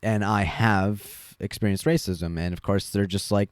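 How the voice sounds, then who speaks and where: Podcast host, young man, low voice, unhurried and wry, dry close sound. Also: fairly even intonation, smooth, no echo. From Chinese family background. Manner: rambling, wry, many fillers. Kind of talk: casual monologue.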